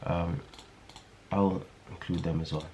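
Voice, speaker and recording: A man's voice: deep voice, little pitch movement, slow pace, a little mellow, slight background noise. A man hosting a casual music production tutorial, talking in a hesitant way with many fillers and restarts. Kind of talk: casual screen-recorded tutorial.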